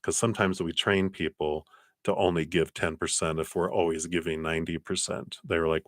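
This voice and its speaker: A middle-aged man reading tarot cards on a live stream, offering gentle, encouraging spiritual advice. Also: low voice, steady tone, normal speed, no echo, clean studio sound. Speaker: tarot card reader.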